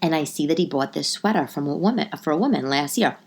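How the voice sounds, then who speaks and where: Animated, profane woman podcast host. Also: low voice, quick pace, slightly rough. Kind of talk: casual storytelling. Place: living room.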